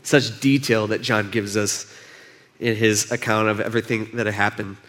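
A young man giving a casual, conversational sermon, retelling a story and acting out the quotes with lively shifts in voice. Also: fairly low pitch, moderate pace. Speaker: pastor.

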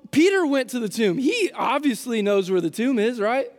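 Male pastor, high voice, chatty animated sermon delivery, big echoing hall. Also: moderate pace, hardly any pauses. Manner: casual, animated storytelling with frequent restarts. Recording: long hall reverb.

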